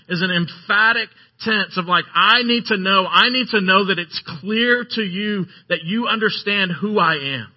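Male pastor, high voice, earnest emphatic sermon, muffled lo-fi sound. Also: moderate pace, few pauses. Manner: earnest, emphatic preaching with repeated phrases. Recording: dull lo-fi sermon recording.

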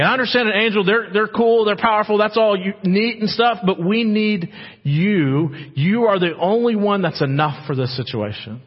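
A man's voice: high-pitched, moderate pace, breathy edge. A man preaching a dramatic sermon as a pastor, acting out God's words in quoted lines. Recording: muffled with long hall reverb.

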